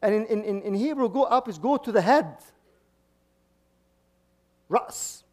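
High-voiced priest preaching, halting restarts. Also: male voice, lively intonation. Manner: frequent restarts and repeated words, chuckling asides. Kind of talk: sermon.

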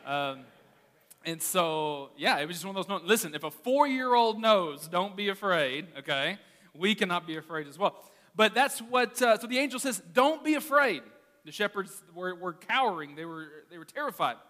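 A pastor preaches in a casual, animated style, telling stories to his congregation. His voice sits high and rings bright. The sound carries the long echo of a large sanctuary. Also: normal speed. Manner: animated, conversational preaching with storytelling. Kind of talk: sermon. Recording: reverberant hall.

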